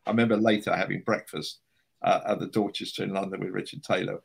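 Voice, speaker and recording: A man's voice: low voice, fairly even intonation, quick pace, gravelly, husky. An older man, a writer, telling chatty anecdotes as a guest in an interview, with frequent restarts and fillers.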